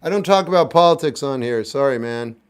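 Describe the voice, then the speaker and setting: A man's voice: medium pitch, lively intonation, a little fast, clear, resonant tone. A man casually answering chat comments on a livestream with dry, jokey, offhand replies.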